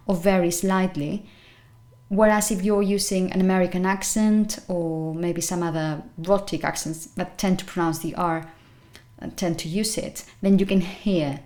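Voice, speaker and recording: A woman teaching English pronunciation, saying each word slowly and repeating it with care. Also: medium pitch, a little mellow. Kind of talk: pronunciation lesson.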